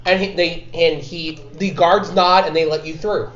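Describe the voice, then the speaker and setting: A man's voice: fairly high pitch, fairly even intonation, fairly bright tone. Man running a tabletop game, echoey room. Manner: halting, restarts often while describing. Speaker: game master. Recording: echoey muffled room recording.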